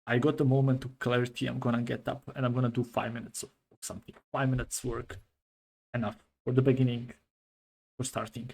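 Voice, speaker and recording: A man with a gravelly, mid-pitched voice muses through casual reaction commentary. He is relaxed and halting and often restarts his sentences. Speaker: streamer.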